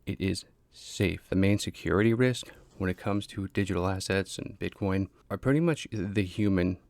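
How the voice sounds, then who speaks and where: A man's voice: sits low, moderate pace, vocal fry, a little mellow, dry recording. A man hosting a casual explainer monologue, speaking plainly, repeating himself and restarting often. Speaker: crypto explainer host.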